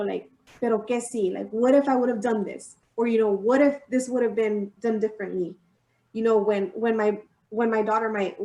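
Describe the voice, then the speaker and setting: A woman's voice: on the high side, darkish tone. A young woman, a podcast co-host telling a personal story in a heartfelt way and switching between English and Spanish. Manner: heartfelt, mixes English and Spanish, many fillers. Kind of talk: personal storytelling in casual chat. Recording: roomy sound, mic at a distance.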